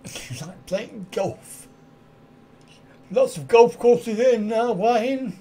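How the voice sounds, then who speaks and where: A man's voice: very high voice, slow, mellow, a little hiss or hum. A middle-aged man hosting a live stream, chatting casually in reply to viewer comments and often chuckling at his own wry, self-mocking asides. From United Kingdom.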